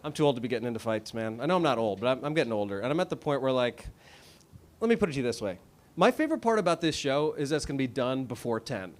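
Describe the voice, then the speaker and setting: A thirtysomething American stand-up speaks fast in a sing-song, medium-pitched voice. He plays the comedy club with a wry, self-deprecating, conversational style, and the crowd laughs along.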